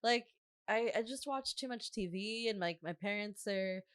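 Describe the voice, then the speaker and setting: Young woman podcast host from New Jersey, crisp and close-miked, giggly banter. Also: medium pitch, moderate pace, no echo. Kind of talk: casual chat.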